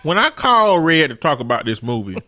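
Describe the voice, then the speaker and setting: Guy on a podcast roasting a movie, pretty high voice, bright and sharp, cusses, laughs a lot. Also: big pitch swings, fairly quick. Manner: blunt, critical, profane, laughing asides. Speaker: podcast co-host. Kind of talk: casual movie review chat.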